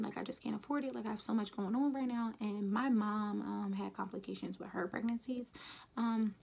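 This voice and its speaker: Young woman vlogger, casual frank storytelling, gravelly fry, husky edge. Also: mid-range voice, a little fast. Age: young adult. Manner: chatty, frank, quotes others in passing.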